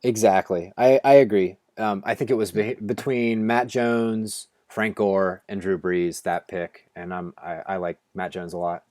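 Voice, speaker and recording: A man's voice: on the low side, steady tone, measured pace, few pauses, darkish tone, no room sound, studio quality. A man co-hosting a fantasy football draft stream, talking casually and rambling with many restarts. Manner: rambling, restarts, says "like" a lot. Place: home, on a video call.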